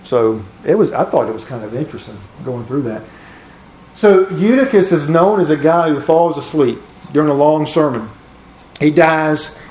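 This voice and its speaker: A man leads a Bible study lesson with a somewhat high voice and a lively, conversational delivery. He mixes explanation with casual, joking asides. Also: reverberant. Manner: animated, conversational, jokey asides.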